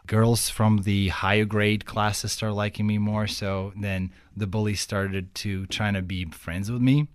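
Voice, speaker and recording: A man's voice: fairly low pitch, unhurried, smooth, no room sound, clean studio sound. A young man from Ukraine with a Ukrainian accent, telling stories in a casual interview and acting out the people in them. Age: young adult. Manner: animated, acts out quoted people, laughs often. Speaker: guest.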